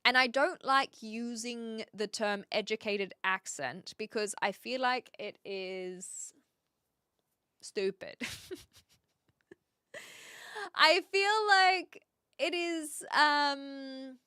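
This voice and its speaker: A woman with a New Zealand accent talks casually with her stream chat, stopping now and then to search for words. Her voice sits a little high and sounds bright and crisp. The sound is dry and close, with no room echo. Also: takes it slowly. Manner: chatty, thinks aloud and hunts for words. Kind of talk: casual live-stream chat, answering viewers.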